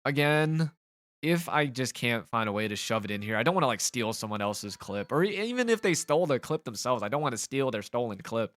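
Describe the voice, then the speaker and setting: A man giving let's play commentary in a frustrated, rambling, halting way from a home gaming setup. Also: mid-range voice, lively intonation, a bit bright, dry recording. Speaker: gaming channel host.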